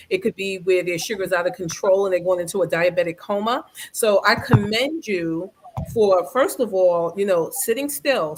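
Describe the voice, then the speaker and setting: A married woman, a guest on a talk show, giving a measured, supportive comment with plenty of fillers. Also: medium pitch. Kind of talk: conversational comment.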